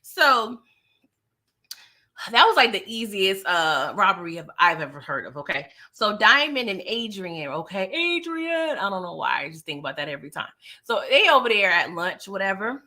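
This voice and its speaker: A woman from New York casually recapping a TV episode, chatty and sassy with animated asides. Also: mid-range voice, moderate pace. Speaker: TV recap vlogger.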